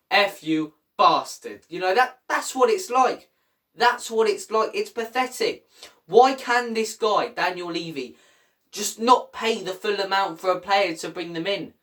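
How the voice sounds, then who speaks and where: A man hosting a football fan channel, ranting angrily with exasperated outbursts. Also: far from the mic. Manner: angry, exasperated, swings from low mutter to loud outbursts.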